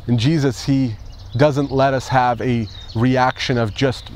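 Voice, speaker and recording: A man's voice: medium pitch, fairly even intonation, a little slow, a little hiss or hum. A male pastor delivering an Easter sermon, emphatic, with rhetorical questions and repeated phrases.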